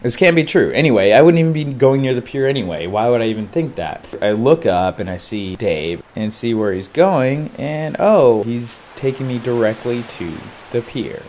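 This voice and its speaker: A young man in his twenties telling a personal story, animated and slangy, full of "like" and "dude". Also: mid-range voice, moderate pace, few pauses, slight background noise. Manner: animated, slangy, lots of filler "like". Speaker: vlogger. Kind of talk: casual storytelling.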